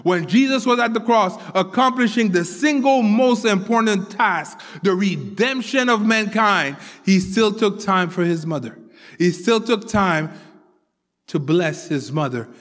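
A man's voice: sits high, expressive, a little slow, fairly bright tone. A man preaching a sermon with earnest conviction, repeating his key phrases for emphasis. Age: adult father of four children. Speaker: pastor. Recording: long hall reverb.

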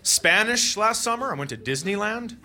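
A man's voice: high voice, normal speed, noisy background. A man from Minnesota doing a stand-up comedy routine, joking and acting out voices and sounds. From Minnesota, USA. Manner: animated, jokey, acts out voices and sounds.

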